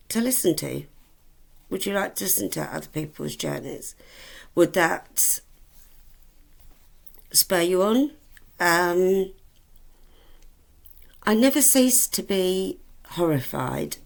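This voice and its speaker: Woman in her forties, deep voice, slow and halting, lots of ums, affectionate vlog chat. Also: vocal fry. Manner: rambling, hesitant, full of ums, affectionate. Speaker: vlogger. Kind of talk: casual chat to camera.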